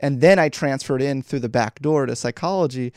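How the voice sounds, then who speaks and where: A man from the Philadelphia area telling stories as a podcast guest, laughing often and jumping up in pitch when he quotes people. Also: a little fast, no echo, studio quality. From Philadelphia area, United States. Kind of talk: animated storytelling in a podcast interview.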